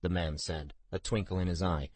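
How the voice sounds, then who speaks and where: A man narrating a fantasy audiobook in a measured, steady storytelling manner. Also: sits low, no echo.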